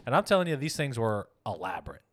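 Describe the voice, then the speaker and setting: Man, thirties, casual podcast chat, animated, crude, acts out voices. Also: medium pitch, quick pace, no echo. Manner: animated storyteller, swears freely, acts out others. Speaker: podcast co-host.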